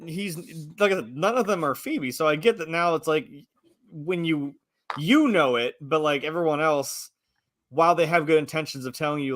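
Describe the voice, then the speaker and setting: Co-host, man in his thirties; casual, rambling, acts out reactions; bright tone. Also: fairly high pitch, moderate pace, dry recording, clean studio sound. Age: 30s. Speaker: podcast co-host reviewing films. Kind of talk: casual chat.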